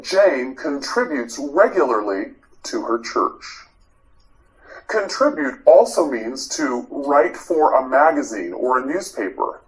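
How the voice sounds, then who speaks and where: A man's voice: mid-range voice, sing-song, slow, poor audio. A man teaching English vocabulary, saying each word several times and asking the learner to repeat it. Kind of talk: slow drilled pronunciation lesson.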